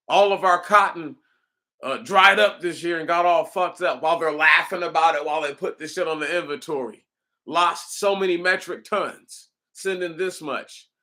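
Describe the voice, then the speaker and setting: Animated, profane man ranting casually. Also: on the high side. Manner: animated, profane, rambling, addresses listeners as y'all. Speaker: commentator. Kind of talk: casual monologue.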